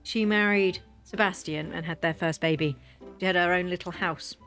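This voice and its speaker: Chatty British mum, low voice. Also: female voice, fairly bright tone. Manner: rambling, chatty, quick to laugh. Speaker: gaming vlogger. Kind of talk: casual chat over gameplay. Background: faint game music.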